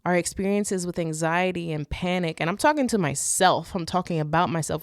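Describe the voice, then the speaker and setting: A woman's voice: on the low side, fairly quick, few pauses, dry recording, clean studio sound. A young woman hosting a faith podcast, talking earnestly and casually, with many restarts and rhetorical "right?"s. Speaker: podcast host.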